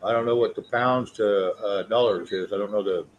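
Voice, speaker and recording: A man's voice: fairly low pitch, fairly even intonation, moderate pace, muffled recording, slight background noise. Rambling male livestream host. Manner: rambling, friendly and welcoming to guests. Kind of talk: casual chat.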